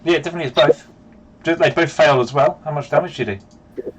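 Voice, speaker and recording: A man's voice: on the high side, noisy background. Playful man running a tabletop game. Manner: animated, quick narration with playful asides. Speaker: dungeon master. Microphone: video call.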